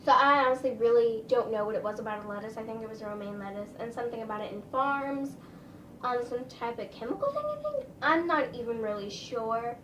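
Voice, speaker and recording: Rambly chatty woman telling a story, kinda high voice, echoey room, mic a bit far away. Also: lively intonation, brisk, a bit bright, a little hiss or hum. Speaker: vlogger. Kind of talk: casual storytime.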